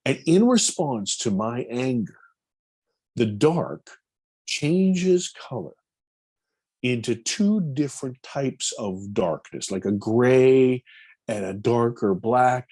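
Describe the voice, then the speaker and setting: A man, a film producer, telling a personal story in an interview, animated and acting out his own quotes. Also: medium pitch, takes it slowly, slightly rough.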